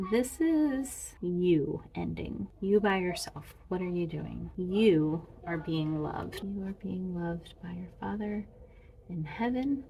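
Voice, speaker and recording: Slow, gravelly woman talking through a lesson. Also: on the low side, darkish tone, a little hiss or hum, rough recording. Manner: chatty, thinks aloud, sounds out words slowly. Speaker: student reviewing Greek lessons. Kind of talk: self-made tutorial walkthrough.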